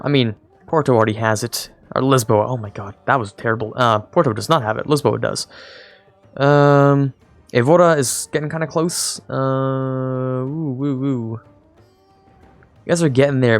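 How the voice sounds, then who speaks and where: A creaky, mid-range voice belongs to a young man streaming a strategy game. He rambles casually, jokes at his own expense, and chats with his units as he plays.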